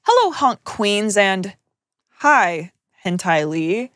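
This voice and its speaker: Brief: young female podcast co-host, sardonic reader, mid-pitched, dry mic. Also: big pitch swings, slow pace, a bit bright, no echo. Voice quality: wry, sardonic asides while reading. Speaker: podcast co-host reading listener stories. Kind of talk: casual chat, reading aloud.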